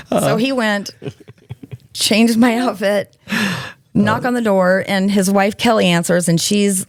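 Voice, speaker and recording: A woman guest telling stories in a casual chat, animated and acting out what others said. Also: mid-range voice, unhurried, no room sound. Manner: animated storyteller, acts out quotes. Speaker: guest, author. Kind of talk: casual storytelling.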